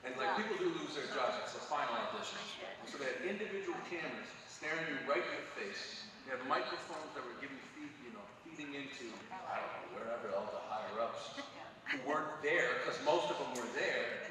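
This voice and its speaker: Lively man with a swooping voice in a hall. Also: medium pitch, fairly quick, a crowd in the background. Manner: animated, playful storyteller. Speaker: actor on a convention panel. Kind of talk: recounting an anecdote on stage. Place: large convention hall. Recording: echoey hall recorded from far off, noisy.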